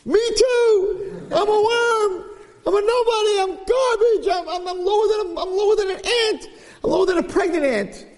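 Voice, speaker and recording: A man's voice: animated, quick pace, few pauses, warm tone, long reverb tail, lightly acted. A man voicing a yeshiva student who screams again and again that he is worthless. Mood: shrieking. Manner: shrill screaming. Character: self-abasing yeshiva man screaming that he is nothing.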